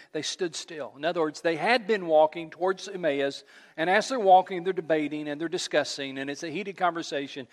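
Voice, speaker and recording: A man preaching a sermon in a conversational way, acting out quotes and repeating words. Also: fairly high pitch. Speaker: pastor. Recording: long hall reverb.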